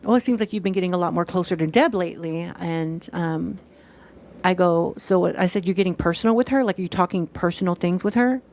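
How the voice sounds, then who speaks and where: A woman's voice: medium pitch, a little mellow. A woman chatting casually on a stream, retelling events animatedly, acting out quoted dialogue and swearing freely.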